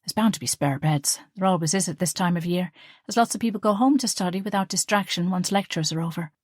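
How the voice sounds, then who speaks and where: A woman voicing an earnest young female student in love, speaking in a higher, eager and pleading way. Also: fast, darkish tone, no room sound, clean studio sound, close to an everyday voice.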